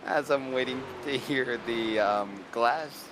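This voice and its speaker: A man giving color commentary on a live sim race, chatty and quick to laugh. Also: medium pitch, background noise. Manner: chatty, laughs often, unhurried.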